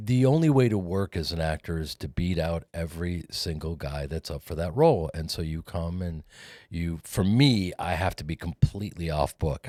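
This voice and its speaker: A man in his fifties, a guest actor and comedian, telling animated showbiz stories in a radio studio on a studio mic. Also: sits low, dry recording. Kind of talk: animated storytelling. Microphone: studio microphone.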